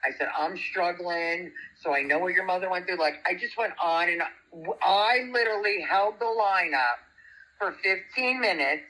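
A woman, a guest telling a story in animated, chatty talk. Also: fairly low pitch, normal speed, poor audio. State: single parent. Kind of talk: casual storytelling chat.

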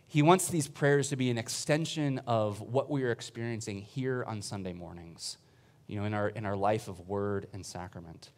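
Man preaching a chatty sermon. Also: mid-range voice. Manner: informal, chatty preaching with fillers and laughs. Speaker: priest and church planter. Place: church sanctuary with congregation.

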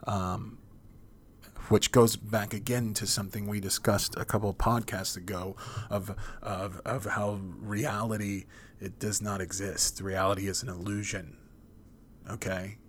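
A man's voice: lowish voice, flat delivery, unhurried, a little hiss or hum. A man hosting a podcast in a rambling, profane monologue with many restarts. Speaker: podcast host. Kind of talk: casual monologue.

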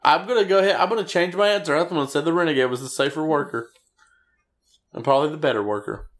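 A man co-hosting a casual chat about wrestling matches, animated and profane as he rants and jokes. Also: fairly high pitch, quick pace. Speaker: podcast co-host.

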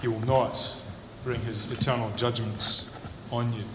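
A man preaching a sermon, building to emphatic peaks and then dropping low and earnest. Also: flat delivery, unhurried. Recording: echoey hall with long reverb, faint room hum.

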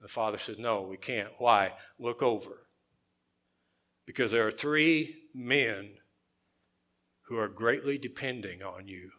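A male pastor preaching a sermon in a conversational way, repeating phrases and dropping his voice to a hush for emphasis. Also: lowish voice, slow pace, long pauses.

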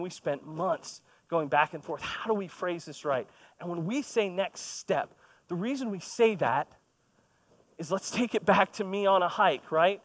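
A man's voice: high-pitched, fairly bright tone, dry recording. A man in his thirties preaching a sermon in a conversational, storytelling way, with self-deprecating humor. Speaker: pastor. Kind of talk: sermon with personal stories.

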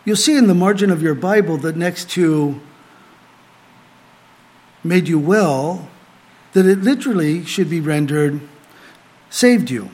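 A middle-aged man preaches to a small group in a fairly high voice. He delivers his sermon earnestly, building to emphatic lines before falling back to quiet, conversational asides. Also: expressive, a little slow, long pauses. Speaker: pastor.

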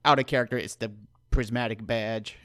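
A man's voice: mid-range voice, normal speed, fairly bright tone, no echo, clean studio sound. A man playing a tabletop role-playing game, narrating his character in a casual, rambling way. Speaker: player.

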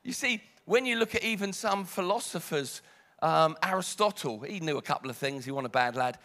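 Brief: British male preacher, fairly high voice, dramatic sermon. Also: brisk, creaky. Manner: dramatic, swings from hushed to loud.

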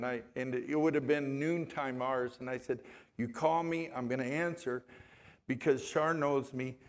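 A man preaching a sermon as a pastor in a church, telling a story in a rambling, conversational way and reading scripture aloud. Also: mid-range voice.

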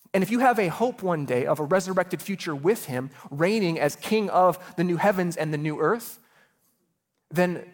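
A pastor in his thirties delivers a sermon with earnest, personal warmth in his words. His voice sits slightly high for a man. He often repeats a word two or three times before a phrase gets going. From Chicago area.

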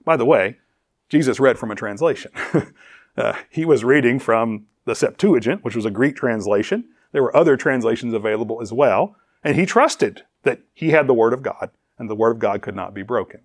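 A man preaching a teaching sermon, animated and chuckling often, firing rhetorical questions at his listeners. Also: medium pitch, moderate pace.

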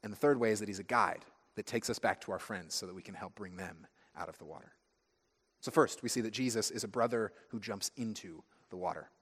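A man preaching a sermon as pastor, telling stories with lively, acted-out asides. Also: on the low side, fairly quick, breathy edge. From United States. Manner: animated storytelling, acting out friends' voices. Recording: long hall reverb.

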